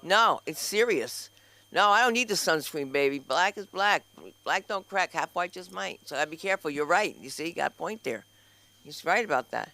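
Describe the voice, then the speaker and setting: A man hosting a comedy open mic on stage, joking fast and talking straight to the crowd. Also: fairly high pitch, expressive, gravelly, sharp tone. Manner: rapid, jokey, talks straight to the crowd. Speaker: comedy show host. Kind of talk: stand-up hosting banter.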